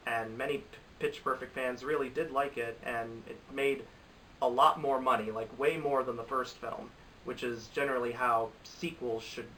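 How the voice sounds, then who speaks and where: Young man, bright voice, chatty movie reviewer, slightly distant mic, faint hiss. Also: mid-range voice. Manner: rambling, opinionated, with frequent restarts. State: has a cold. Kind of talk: casual opinion vlog.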